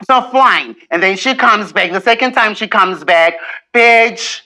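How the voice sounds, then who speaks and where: Bright-voiced man telling gossipy profane tale. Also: sits high, a little slow, rough recording. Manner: gossipy, profane storytelling with bursts of laughter. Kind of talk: recounting a personal story.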